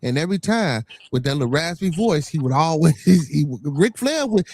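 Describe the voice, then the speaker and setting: A man co-hosting a casual wrestling talk show, animated and repeating his points. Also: fairly high pitch, moderate pace, hardly any pauses, no echo. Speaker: podcast co-host.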